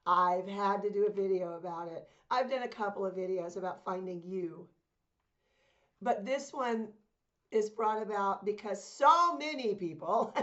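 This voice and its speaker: A woman spiritual coach talking casually to her viewers, earnest and encouraging, slowing down to stress her points. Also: medium pitch, highs cut off. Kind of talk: casual talk to camera.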